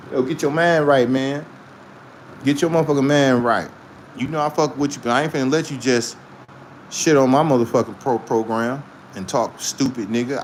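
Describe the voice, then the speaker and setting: Profane man ranting on a livestream. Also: slight background noise. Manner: profane, swings between mocking high tones and low growls; laughs often while talking. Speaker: livestream host answering chat. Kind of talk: casual livestream rant.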